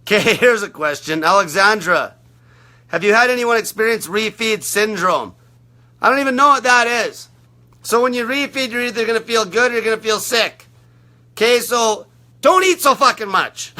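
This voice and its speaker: Loud, bright-voiced man ranting. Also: sits high. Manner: aggressive, heavy swearing, blunt. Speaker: fasting coach. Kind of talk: profane ranting monologue.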